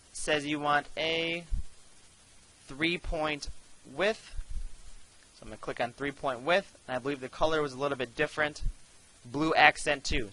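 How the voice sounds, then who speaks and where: Young male teacher, bright voice, casual step-by-step screencast delivery. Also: mid-range voice, low-quality recording. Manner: casual step-by-step instruction, addresses students directly. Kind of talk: screencast software tutorial.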